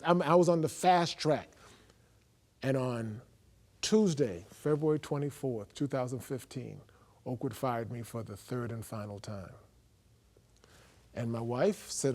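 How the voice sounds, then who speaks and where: A man, a guest on a faith program, telling his testimony as a lively story and acting out both sides of a dialogue. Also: mid-range voice. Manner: acts out dialogue, swinging from loud to hushed.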